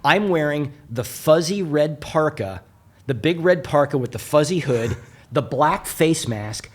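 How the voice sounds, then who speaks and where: A man's voice: a little high, a little slow, breathy edge. An American man, a motivational speaker, telling a story with jokes and frequent asides to the audience. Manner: animated, jokey, with asides to the audience. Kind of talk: humorous storytelling talk.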